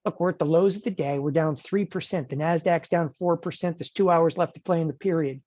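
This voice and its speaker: A man teaching options trading in an animated lecture, emphatic and joking, often checking in with the listener. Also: fairly high pitch, brisk, no echo. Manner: emphatic, joking, keeps asking "okay?". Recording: dull lo-fi dry recording.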